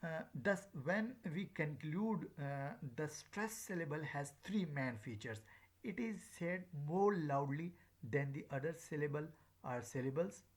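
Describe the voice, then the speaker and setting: A man's voice: fairly high pitch, lively intonation, a little slow. A man giving a recorded lecture as a teacher, speaking in a hesitant way with many filler sounds.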